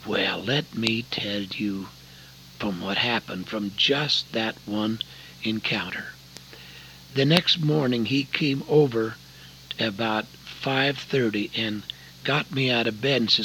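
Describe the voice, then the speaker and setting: Folksy older preacher telling stories. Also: male voice, fairly low pitch, takes it slowly, a little hiss or hum, poor audio. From Oregon, USA. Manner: folksy, earnest storytelling with sudden loud emphasis. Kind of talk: sermon with storytelling.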